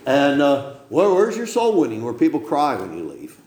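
An older man preaching a sermon, rambling and emphatic, often tagging lines with a quick "okay?". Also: medium pitch, huge pitch swings, darkish tone, echoey room. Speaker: pastor. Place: church sanctuary.

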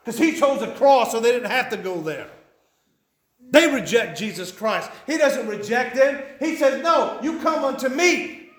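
A fiery pastor preaching to his church, his voice pitched high for a man and ringing through a roomy, echoing hall. He pleads and warns in a folksy drawl. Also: big pitch swings, normal speed. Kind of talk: sermon.

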